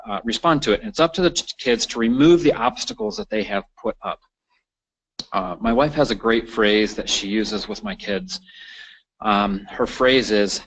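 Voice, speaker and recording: A man's voice: on the low side, creaky, a bit bright, low-quality recording. A man presenting a continuing-education lecture on parenting, talking unscripted with many fillers and restarts. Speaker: counselor presenting a training course.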